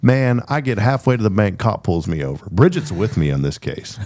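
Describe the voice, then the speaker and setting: A middle-aged man hosting a talk show, telling rambling stories in a casual, animated way. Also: on the low side, normal speed. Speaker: host. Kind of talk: casual storytelling.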